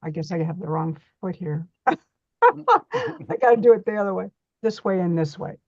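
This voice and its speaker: A woman's voice: fairly low pitch, moderate pace, dark tone, no echo, dull audio. Chatty woman teaching a reflexology workshop. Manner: chatty, folksy, demonstrating on a model foot.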